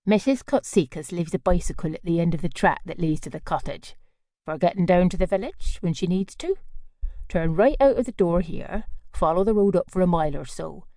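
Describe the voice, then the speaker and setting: A woman's voice: on the low side, a little fast, warm tone, dry recording, close to an everyday voice. A woman voicing a dry, caustic village postmistress in an audiobook. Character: dry sharp middle-aged village postmistress.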